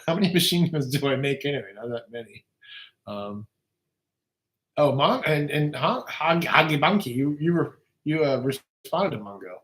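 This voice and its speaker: A man's voice: fairly high pitch, a bit bright. A man with a slightly raised voice rambles through a casual livestream, swearing freely and joking as he reads comments aloud. The sound carries a noticeable room echo. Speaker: livestream guest. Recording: echoey room.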